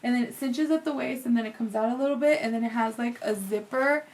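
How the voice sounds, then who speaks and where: A young woman vlogger telling a story in a casual, animated way, with "like" running all through her talk. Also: on the high side, fast, a little hiss or hum. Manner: chatty and animated, fills speech with "like". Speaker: fashion vlogger.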